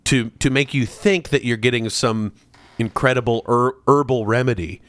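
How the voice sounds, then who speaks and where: A man co-hosting a comedy podcast, reading a sponsor spot with playful mock-earnest delivery and drawn-out words. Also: mid-range voice, a bit bright, no room sound. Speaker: podcast co-host.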